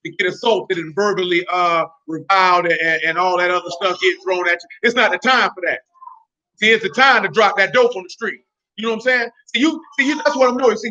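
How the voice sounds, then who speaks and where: A man preaching a sermon in street slang, talking animatedly and breaking into shouts. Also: high voice. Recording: dull lo-fi recording.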